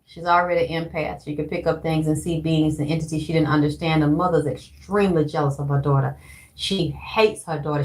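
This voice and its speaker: Brief: woman vlogger, mid-pitched, rambling and cussing, emphatic delivery. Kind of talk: casual monologue.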